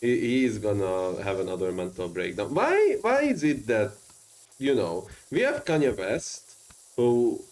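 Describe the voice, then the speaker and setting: A man's voice: medium pitch, huge pitch swings, measured pace, darkish tone, low-quality recording. A man with a strong non-native English accent, chatting casually and rambling with many fillers while streaming a game. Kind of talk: casual gaming stream chat.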